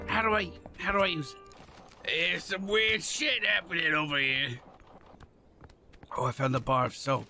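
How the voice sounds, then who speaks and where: A man giving casual let's-play commentary, excitable, swearing and shouting at game characters. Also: a little high, moderate pace, creaky, music in the background. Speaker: gamer playing a goose game.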